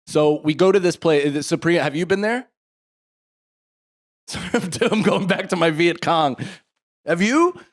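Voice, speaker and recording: A man in his thirties co-hosting a podcast in casual chat, telling a rambling, animated story full of restarts and asides. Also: a little high, measured pace, long pauses. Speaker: podcast co-host.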